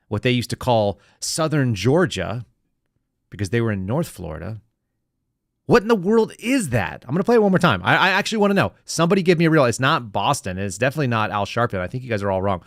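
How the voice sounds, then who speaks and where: Man, podcast host, sarcastic political commentary, dry close recording, middle pitch. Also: very animated, fast talker, no echo. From United States. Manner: sarcastic, talks to live chat.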